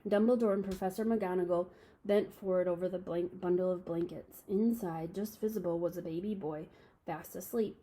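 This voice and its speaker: Woman, reading a children's novel aloud, calm, steady, small slips, mellow, breathy. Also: lowish voice, moderate pace, low-quality recording.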